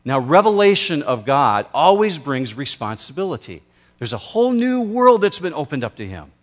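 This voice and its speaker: A man preaching a sermon as pastor, slow and emphatic, with dramatic pauses. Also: a little high, sing-song.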